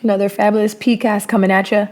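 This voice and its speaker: A woman's voice: mid-range voice, level tone, quick pace, darkish tone. A young woman co-hosting a podcast in casual, playful chat, laughing often and talking while eating. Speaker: podcast co-host.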